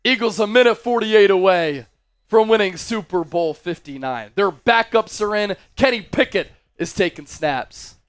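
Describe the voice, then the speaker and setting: High-voiced excited man, crisp. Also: moderate pace, no echo. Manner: chanting and shouting fan cheers; reads out viewer donations. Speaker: live stream host. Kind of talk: excited live sports stream chat.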